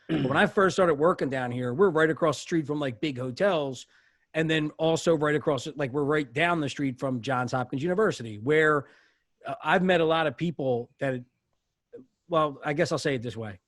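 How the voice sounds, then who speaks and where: A bartender tells rowdy stories, swearing freely, in a fairly high man's voice. The sound is dry and close, with no room around it. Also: no echo. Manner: animated storyteller, swears often. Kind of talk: casual podcast chat. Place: podcast studio.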